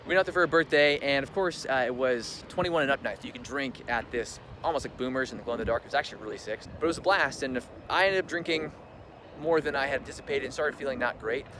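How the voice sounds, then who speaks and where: Loud ambient noise sits behind this young man's medium-pitched, quick voice as he shares a personal story on his vlog. Chatty and leaning heavily on "like," he performs other people's lines as he quotes them.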